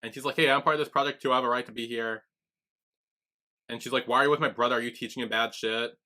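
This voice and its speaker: A podcast co-host recaps a show in casual chat, retelling scenes with quoted lines and laughing often. His mid-range voice is bright, steady in tone and fast.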